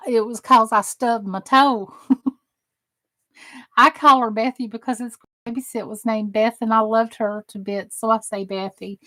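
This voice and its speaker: A middle-aged Southern American woman hosts a crafting channel livestream, chatting and joking with viewers as she reads out and answers their comments. Her voice is a little high and a bit bright.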